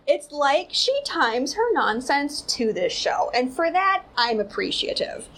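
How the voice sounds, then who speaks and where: This woman hosts a casual commentary show, rambling and sarcastic and leaning hard on "like" as a filler. Her voice is high and a bit bright, with big pitch swings and a measured pace, and the recording is low quality.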